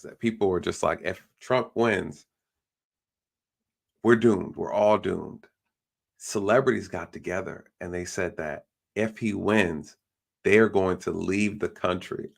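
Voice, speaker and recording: A man's voice: lowish voice, gravelly, fairly bright tone. A man hosting a live stream, talking bluntly in a ranting way and mimicking the people he quotes. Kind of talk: casual opinion talk.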